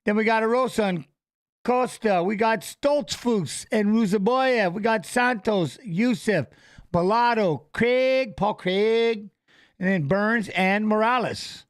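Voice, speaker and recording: High-voiced man chatting loosely on a live stream. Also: slow. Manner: greets chat viewers by name, loose and joking. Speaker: host of a fight watch-along stream. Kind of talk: casual live-stream chat.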